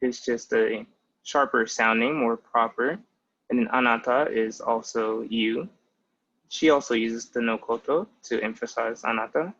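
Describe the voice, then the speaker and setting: A man's voice: mid-range voice, steady tone, a little slow, a bit bright, dull audio. A young man in his twenties giving a patient, casual language lesson with many "like" fillers. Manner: patient, explanatory, with frequent "like" fillers. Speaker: language teacher.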